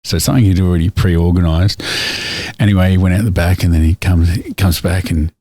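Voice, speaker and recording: A man's voice: low-pitched, fairly even intonation, brisk, dark tone, no echo. A middle-aged man, co-hosting a podcast and telling rambling stories with frequent laughter. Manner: rambling storyteller, laughs often. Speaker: podcast co-host. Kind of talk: casual nostalgic chat.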